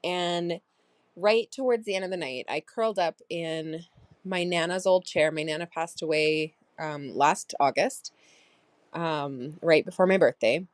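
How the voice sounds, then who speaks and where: Low-voiced lady rambling thru her day on her podcast, lots of ums, dead dry sound. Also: unhurried, no room sound. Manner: reflective, rambling, many fillers. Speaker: podcast host. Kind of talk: personal diary podcast.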